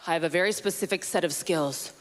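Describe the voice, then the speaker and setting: A woman doing a stand-up impression of a menacing, deep-voiced action hero, slow and threatening. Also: in a large hall, close to an everyday voice.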